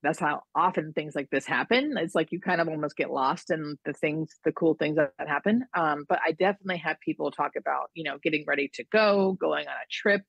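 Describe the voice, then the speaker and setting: Woman, husky, dry close sound, casual interview storytelling, chatty. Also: low voice, fairly quick, few pauses, no room sound. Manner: chatty, lots of likes and you-knows, acts out quotes. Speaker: hospice nurse.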